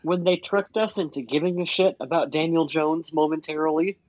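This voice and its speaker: A man's voice: a little high, fairly even intonation, a little fast, darkish tone, no echo. Laid-back man from Iowa on a dull, dry line. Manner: laid-back, laughs often, swears casually. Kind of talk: casual live chat.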